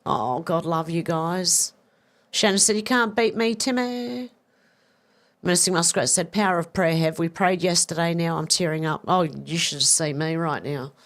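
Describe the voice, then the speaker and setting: A woman's voice: fairly low pitch, normal speed. A woman hosting a casual live stream, chatty and self-deprecating, reading viewer comments aloud and answering them with frequent laughter. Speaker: livestream news host reading viewer comments.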